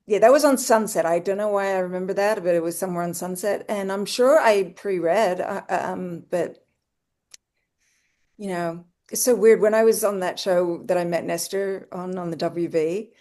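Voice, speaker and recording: A woman's voice: lowish voice, moderate pace, darkish tone. A middle-aged woman, a guest actor, telling stories in an easygoing, chatty way over a video call. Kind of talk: casual podcast chat.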